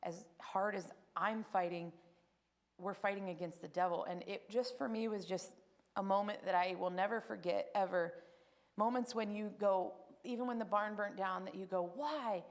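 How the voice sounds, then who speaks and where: A woman's voice: mid-range voice, moderate pace. A woman giving a spoken personal testimony at church, telling her story with feeling and acting out what others said. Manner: emotional, animated storytelling with acted quotes.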